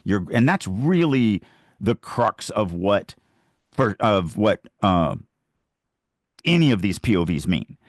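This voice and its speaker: Deep-voiced man, dry close sound. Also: very animated, takes it slowly, pauses often, no room sound. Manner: emphatic, speaks from the reader's point of view. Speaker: podcast co-host. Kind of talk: casual discussion on writing craft.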